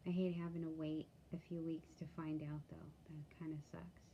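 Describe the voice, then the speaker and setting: Tired woman vlogging, halting and candid. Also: low-pitched, little pitch movement, dark tone, lo-fi sound, slight background noise. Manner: halting, many fillers, candid. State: tired, yawning. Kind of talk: casual video diary.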